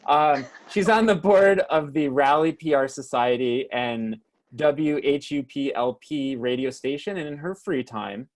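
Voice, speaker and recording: A man's voice: a little high, measured pace. Hesitant man hosting a webinar. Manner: hesitant, many uh and um fillers, stumbles on names. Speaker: host and moderator of a webinar. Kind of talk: live webinar introduction.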